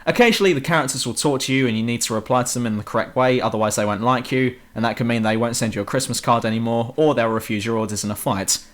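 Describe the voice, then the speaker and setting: A man's voice: mid-range voice, fast talker, few pauses, a bit bright. A young British man giving a sarcastic, swear-laden game review voice-over on a home mic. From Britain. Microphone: home computer mic.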